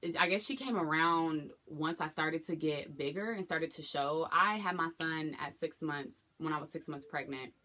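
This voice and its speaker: A woman's voice: sits low, normal speed, hardly any pauses, sharp tone. A young woman telling a personal story to the camera, candid and emotional, acting out what people said. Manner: candid, emotional retelling with acted quotes. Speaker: vlogger.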